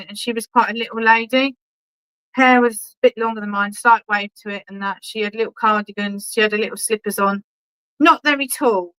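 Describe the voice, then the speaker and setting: A woman medium gives clairvoyant readings in a bright, smooth, slightly high voice. She talks in a chatty, affectionate way, calls people darling and keeps checking in with "okay?". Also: low-quality recording. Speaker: spiritualist medium. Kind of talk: clairvoyant readings at an online church service.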